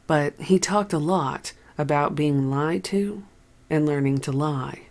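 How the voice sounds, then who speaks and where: An audiobook reader narrating a first-person memoir in a slow, measured, soft-spoken way. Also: mid-range voice. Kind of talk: reading a memoir aloud.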